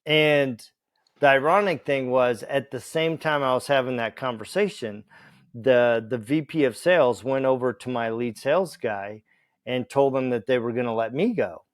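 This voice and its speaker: A man's voice: mid-range voice, normal speed, dry recording. Guy on a podcast telling a story, acts out all the voices, dry close sound. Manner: animated, acts out dialogue, laughs while telling stories. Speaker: podcast guest. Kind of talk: casual storytelling.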